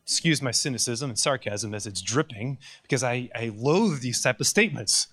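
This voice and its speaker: In this recorded lecture, a Catholic lecturer with a medium-pitched voice talks at a moderate pace, barely pausing. His manner is conversational and sarcastic, and his storytelling is highly energetic.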